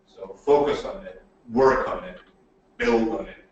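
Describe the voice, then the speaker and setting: A man giving a webinar lecture on presentation skills, emphatic and animated, often checking in with "okay?". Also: medium pitch, measured pace, very echoey, far from the mic, dull audio, a little hiss or hum. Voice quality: animated, swings loud and soft.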